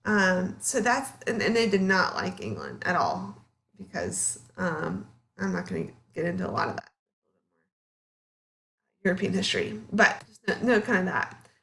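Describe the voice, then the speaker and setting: A woman's voice: on the low side, wildly swooping pitch, normal speed, gravelly, fairly bright tone. A woman, giving a chatty history lecture to a class, full of fillers and questions to the students. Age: 30s. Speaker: history teacher.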